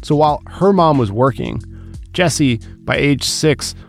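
A man narrates a documentary-style podcast. His lines are scripted, and he explains each step calmly. Faint music plays underneath. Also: fairly high pitch, unhurried, gravelly. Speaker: host and narrator.

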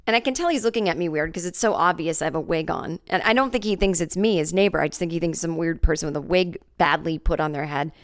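A woman's voice: on the low side, fast. A woman in her forties hosting a solo comedy podcast, chatting and telling a made-up story with lots of acted-out voices. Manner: chatty, jokey, acts out voices in her stories. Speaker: podcast host.

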